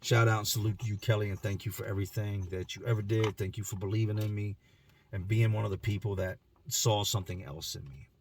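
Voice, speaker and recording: A man's voice: lowish voice, fairly even intonation, fast, slight background noise. A man telling his own life story in a candid, emotional way, with casual slang and repeated words. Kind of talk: personal storytelling to camera.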